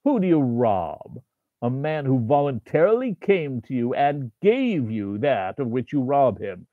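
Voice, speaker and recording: A man's voice: mid-range voice, sing-song, unhurried, no echo. A man voicing a contemptuous male demon who tempts and taunts, with a harsh, grating manner, over a tinny phone-like recording. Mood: urging. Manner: taunting, coaxing, scornful. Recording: tinny phone-like dry sound.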